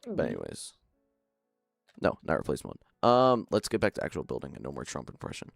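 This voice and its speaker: A man's voice: rumbling low, wildly swooping pitch, fairly quick, vocal fry, dry recording, clean studio sound, soft background music. A young man around twenty, giving mumbled running commentary as he builds in a game stream. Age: young adult.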